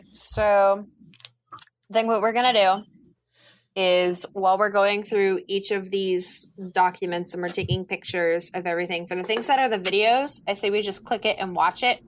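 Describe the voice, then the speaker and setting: A woman's voice: mid-range voice, steady tone, normal speed. A woman playing in a tabletop game, talking bluntly and swearing casually while planning. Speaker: player.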